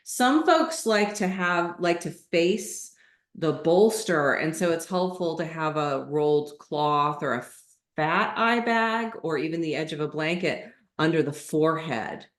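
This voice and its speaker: Slow, low-voiced woman yoga teacher. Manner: calm, measured instruction with gentle reassurance. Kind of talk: guest instruction in a live online class. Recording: echoey room.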